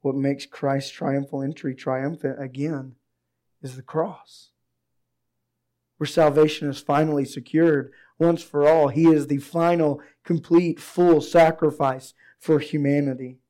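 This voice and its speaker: A male pastor preaching a sermon and reading scripture aloud, his voice hoarse from a recent illness, rising to excited emphasis at points. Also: a little high, a little slow, few pauses.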